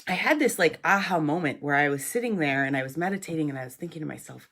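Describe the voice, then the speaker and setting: A woman's voice: deep voice, expressive, quick pace, fairly bright tone. A woman hosting her own live stream, talking casually and reflectively, with a nasal voice from a cold and many ums and restarts.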